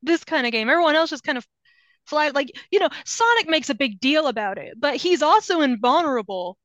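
A woman's voice: high voice, expressive, brisk, fairly bright tone, no echo, dull audio. A woman guest in a casual gaming chat, talking in a loose, filler-heavy way and laughing often. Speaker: podcast guest.

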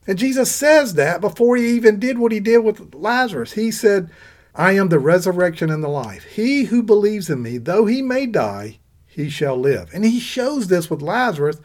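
A man with a noticeably high voice delivers an earnest sermon. He walks through scripture verse by verse, lifting his pitch to press his points home. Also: a little mellow. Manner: earnest, scripture-quoting, rises in pitch for emphasis. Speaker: preacher.

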